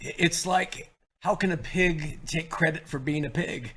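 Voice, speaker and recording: A middle-aged man speaking as an interview guest, earnest and self-reproaching, emotional, his voice swinging from a low murmur to loud. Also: a little slow.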